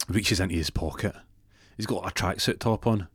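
Deep-voiced Scottish comic storyteller. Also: male voice, normal speed, a bit bright, husky, no room sound. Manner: rambling, profane, self-interrupting.

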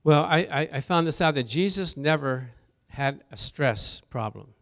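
A man's voice: on the high side, lively intonation, measured pace, creaky, fairly bright tone. A male pastor preaching a sermon, telling personal stories and asking the congregation questions, with rising emphasis on key words. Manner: storytelling, asks the congregation questions.

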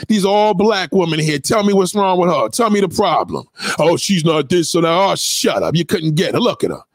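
A man's voice: sits high, big pitch swings, brisk, no echo. A man giving a profane, aggressive, taunting ranting commentary into a close mic. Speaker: online commentator.

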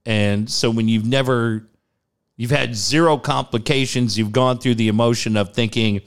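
A man's voice: moderate pace, clean tone. A man telling a personal story in a casual chat, acting out what people said with big jumps in his voice. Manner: animated, acts out quotes with big pitch jumps.

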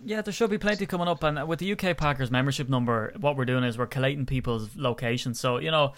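A man's voice: mid-range voice, fast, a bit bright, no room sound, clean studio sound. An Irish man co-hosting a podcast, chatting casually in a rambling, jokey way. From Ireland. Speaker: podcast co-host.

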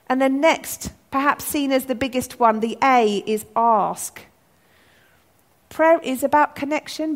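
A woman giving an earnest, animated sermon talk to her church. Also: medium pitch. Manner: earnest, animated, acts out shouted quotes. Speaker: church speaker.

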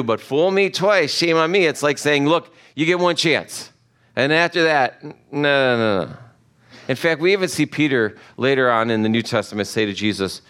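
A man's voice: medium pitch, a bit bright. A middle-aged man, a pastor, giving a conversational sermon and acting out quoted voices.

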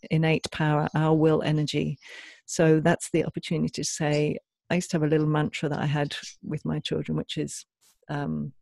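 A woman speaking as a parenting educator on a podcast, gentle and earnest, sometimes modelling soft, loving phrases. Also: low voice, gravelly, no echo, clean studio sound. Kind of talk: reflective podcast conversation.

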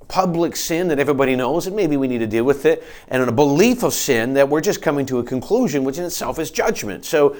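A man's voice: fast talker, hardly any pauses. Earnest preacher man teaching scripture. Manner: earnest teaching with quoted scripture and frequent restarts; animated delivery with rises and drops in pitch and volume. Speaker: pastor. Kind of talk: sermon.

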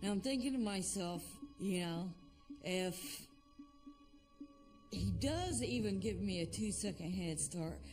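A woman gives documentary interview testimony about her time as a prison officer. She speaks slowly and plainly, laying out each moment in a measured way. Faint music plays softly beneath her. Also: mid-range voice, lively intonation. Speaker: former prison officer recounting an ordeal.

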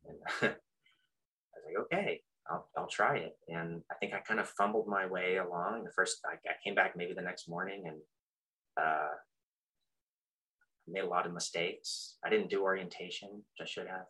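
A middle-aged man telling a personal story in a halting, reflective way, full of fillers and restarts, with soft self-deprecating chuckles. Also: low-pitched, fairly even intonation, poor audio. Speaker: practitioner sharing his story.

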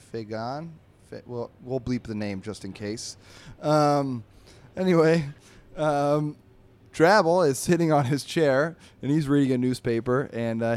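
A man hosts a comedy podcast, reading comic strips aloud with plenty of animation. He laughs often and slips into squeaky character voices.

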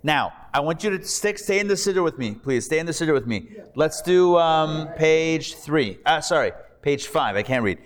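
A man's voice: fairly high pitch, expressive, moderate pace, hardly any pauses. A man, a rabbi, teaching a live Hebrew reading class, patiently drilling pronunciations with his students. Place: classroom hall with a live audience. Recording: reverberant hall recording.

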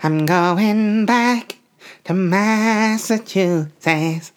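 A man impersonating an earnest male pop singer from the seventies, singing in a high warbling falsetto. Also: drawn-out words, clean tone.

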